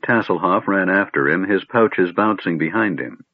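Husky male narrator on a phone-like line. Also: low voice, moderate pace, no echo. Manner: expressive storytelling. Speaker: audiobook narrator. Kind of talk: scripted narration. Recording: tinny phone-like, dry.

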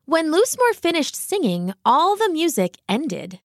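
Expressive, slow woman storyteller. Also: sits high. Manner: expressive, gentle, unhurried. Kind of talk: scripted storybook narration.

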